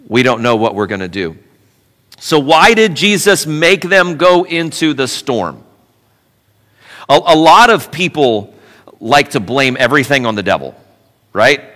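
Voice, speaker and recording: A man preaching a sermon as pastor, animated and conversational with playful asides. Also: medium pitch, measured pace, pauses often, in a large hall. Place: church sanctuary.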